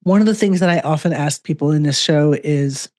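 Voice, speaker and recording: A podcast host asking thoughtful, halting questions. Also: medium pitch, darkish tone, dry recording. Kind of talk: interview questions.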